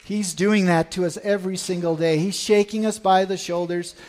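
A man's voice: high voice, steady tone, moderate pace, a little mellow. A man giving an earnest talk at church about a mission trip, and leading the congregation in a hands-on exercise. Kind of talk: sermon.

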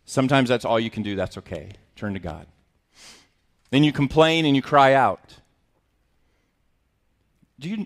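A man's voice: mid-range voice, fairly bright tone. A middle-aged male pastor preaching a sermon, earnest and emotional, with self-mocking humor.

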